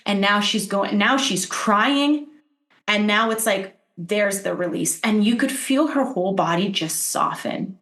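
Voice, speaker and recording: A woman's voice: medium pitch, measured pace, roomy sound. A woman guest on a podcast, an intuitive healer telling stories in casual conversation and acting out what people said. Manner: animated storytelling, acts out quotes.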